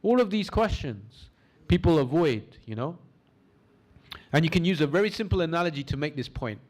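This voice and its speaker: A man leading a training course, lecturing a class, asking the audience questions and slowing down for emphasis as he guides them through an imagined scene. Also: a little high. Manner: lively teaching, asks the audience questions; slows down for emphasis in guided imagery. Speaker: course instructor.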